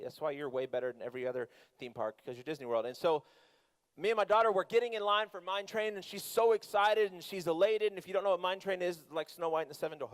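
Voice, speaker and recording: Animated middle-aged youth pastor preaching. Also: male voice, sits high, fast. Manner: animated, conversational storytelling with asides. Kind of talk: sermon with personal story.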